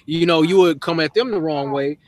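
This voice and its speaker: A man's voice: fairly high pitch, a little fast. A man hosting a casual live chat, talking in a laid-back, rambling way and laughing often. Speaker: host.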